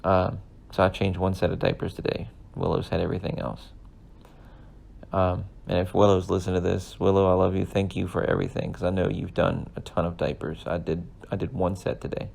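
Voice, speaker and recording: Gravelly low-voiced man telling a story. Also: flat delivery, fairly quick, a little mellow. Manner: rambling, earnest, emotional at times. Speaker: podcast host. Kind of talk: casual storytelling monologue.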